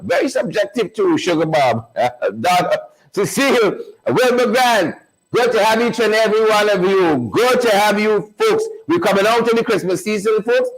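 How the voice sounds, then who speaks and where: A high-voiced man runs a live online show. He repeats himself to build energy and greets viewers one by one in a loose, hyped-up chatting style. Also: poor audio. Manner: repetitive, hype-building, calls out viewers by name.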